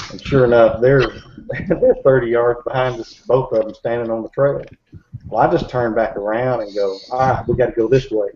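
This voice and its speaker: A man's voice: medium pitch, darkish tone. A man telling a story in casual talk, rambling with many fillers and restarts. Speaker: bigfoot researcher. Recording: dull recording with faint hiss.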